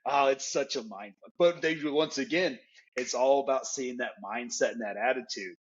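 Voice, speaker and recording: A man's voice: medium pitch, normal speed, a little hiss or hum. A male podcast guest telling laid-back stories in casual conversation. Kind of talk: casual storytelling. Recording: dull, muffled mic.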